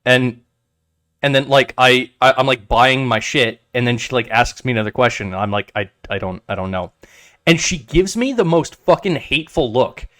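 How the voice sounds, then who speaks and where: Male podcast co-host, rambling storyteller, lively pitch, dry close mic. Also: moderate pace, no room sound. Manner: rambling, many restarts and swearing, animated retellings. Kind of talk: casual chat.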